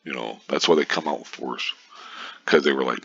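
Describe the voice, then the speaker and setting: A man with a very deep, gravelly voice rants casually, sarcastic and profane. His tone is bright and sharp, and the recording sounds dull and lo-fi. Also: normal speed, dry recording. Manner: profane, sarcastic, reads out posts and scoffs. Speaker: commentator. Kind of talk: casual political rant.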